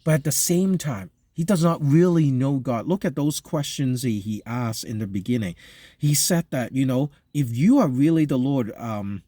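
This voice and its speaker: Pastor, male, mellow tone, dry close sound, chatty sermon full of ums and restarts. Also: medium pitch, dry recording. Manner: conversational, halting with many fillers and restarts. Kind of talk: sermon reading scripture and explaining it.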